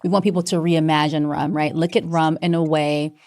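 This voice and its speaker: A young woman with a Southern accent talks in a relaxed, playful way, her voice sitting on the lower side. She moves quickly between topics and keeps the conversation light. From Decatur, Georgia. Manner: playful, quick to break into impressions and other languages. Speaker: guest. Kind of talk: casual chat.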